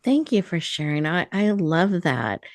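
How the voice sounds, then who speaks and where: Woman radio host, very low voice, dry studio sound, affirming. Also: big pitch swings, a little slow, no echo. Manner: warm affirming, appreciative. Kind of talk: radio interview hosting.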